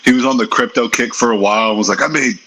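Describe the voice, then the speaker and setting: A man's voice: medium pitch, fast talker, bright, forceful tone. A man chatting as a podcast guest in a laid-back, joking way. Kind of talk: casual podcast chat.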